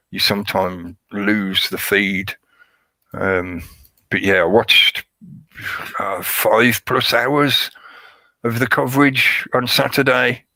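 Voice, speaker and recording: A man's voice: sits low, pushed and bright, no room sound. A man hosting a live stream, rambling casually and sarcastically, laughing often.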